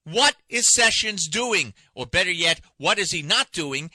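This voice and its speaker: A man's voice: sits high, animated, unhurried, pushed and bright, no room sound. A man hosting a talk radio show, delivering an impassioned, indignant monologue full of rhetorical questions from a radio studio. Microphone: studio microphone.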